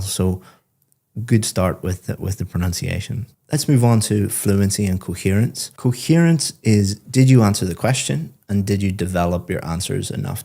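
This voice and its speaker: A man acting as a speaking-test examiner, asking questions and then giving a student measured, encouraging feedback. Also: deep voice, mellow. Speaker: IELTS examiner and teacher. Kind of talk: exam questions and spoken feedback.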